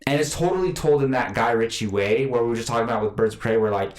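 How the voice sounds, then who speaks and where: A man chatting casually as a podcast co-host, reviewing a film in a rambling, animated way with lots of fillers. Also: medium pitch, fast, echoey room.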